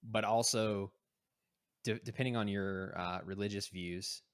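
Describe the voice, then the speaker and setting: Male podcast host, low voice, teasing, casual. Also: fairly even intonation, slow, smooth, no room sound, clean studio sound. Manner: teasing, steers the show. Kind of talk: casual chat.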